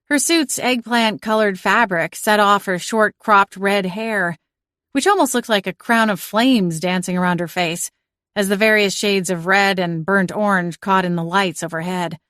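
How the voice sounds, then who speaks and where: Woman reading a cozy audiobook, even measured pace, mid voice, super dry booth sound. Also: medium pitch, no echo. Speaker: audiobook narrator. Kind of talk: scripted first-person audiobook narration.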